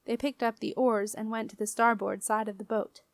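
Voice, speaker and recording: A woman narrates a children's fantasy audiobook in a clear, even storytelling voice. Her pitch sits a little high for a woman, and the recording is close and dry with no room sound. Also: moderate pace, no echo. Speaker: audiobook reader.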